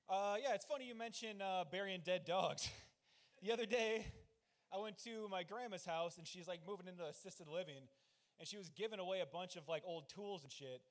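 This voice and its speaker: A young man doing a rambling, deadpan, profane open-mic stand-up set on a club stage. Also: sits high, brisk. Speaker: stand-up comedian.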